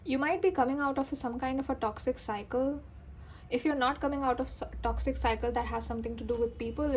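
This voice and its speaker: A woman giving a casual tarot reading straight to her viewers, chatty and full of fillers, her voice rising as she gets excited. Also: fairly high pitch, slight background noise, rough recording. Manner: excitable, voice rises with enthusiasm. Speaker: tarot reader.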